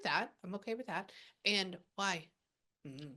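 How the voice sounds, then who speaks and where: A woman working as a medium, passing on a spirit's messages in a casual, chatty way with many pauses. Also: mid-range voice, expressive, sharp tone. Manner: relays a spirit's words with quick asides and pauses. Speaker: psychic medium. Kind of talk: spirit reading session.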